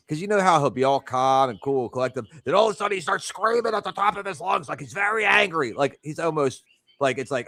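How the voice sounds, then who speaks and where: A man's voice: fairly high pitch, expressive, fast, vocal fry, bright, forceful tone. A man guest in casual chat, crude and mocking, with hesitant fillers.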